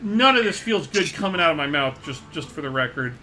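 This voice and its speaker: A man's voice: a little high, expressive, a little fast, crowd noise. A man hosting a let's play, giving joking, rambling asides between the lines. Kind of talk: casual game commentary.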